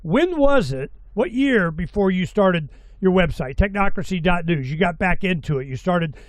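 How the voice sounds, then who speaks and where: Rambling excitable older man, high voice. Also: normal speed, no room sound. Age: 60s. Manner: rambling, excitable, swears freely. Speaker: host. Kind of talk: casual interview chat.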